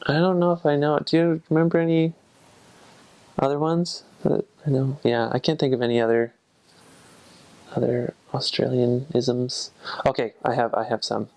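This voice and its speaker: A young man, a returned missionary, chatting casually and pausing often to search for words. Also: mid-range voice, level tone, gravelly, darkish tone. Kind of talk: casual talk to camera.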